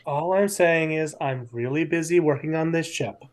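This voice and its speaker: Dry-humored tabletop player, mid pitch. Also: normal speed, heavy background noise. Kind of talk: tabletop role-play chat.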